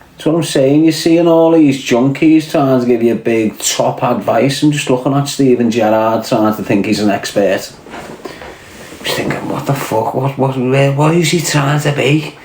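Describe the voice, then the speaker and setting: Reading out his chat on a relaxed livestream, a man with a Scouse accent swaps crude, sweary insults with viewers. He speaks at a normal speed in a medium-pitched, darkish voice that sounds roomy.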